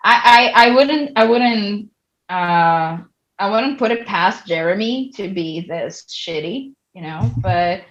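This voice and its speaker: A woman in casual podcast chat, expressive and hesitant, with restarts as she forms her point. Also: mid-range voice, slow pace, muffled recording.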